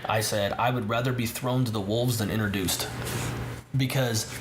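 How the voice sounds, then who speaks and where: A man hosting a casual podcast, speaking calmly and reflectively in a motivational way. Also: fairly low pitch, normal speed. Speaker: podcast host. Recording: echoey room with faint noise.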